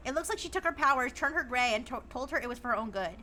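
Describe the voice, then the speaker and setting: A young woman streams live and chats casually. She giggles often and reads viewer messages aloud before riffing on them. Her high, bright voice swoops around a lot. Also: lively intonation, quick pace, slight background noise.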